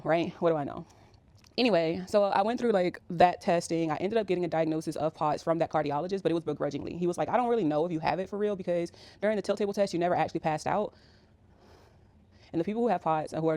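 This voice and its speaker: A woman's voice: deep voice, darkish tone, no room sound. A woman in her thirties telling a personal story in a casual, rambling way, with many fillers. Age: 30s. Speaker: vlogger.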